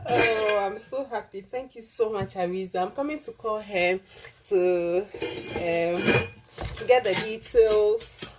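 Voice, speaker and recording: A woman vlogger doing a casual unboxing for her cooking channel, gushing and exclamatory and repeating herself in excitement. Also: mid-range voice, slow pace, heavy background noise.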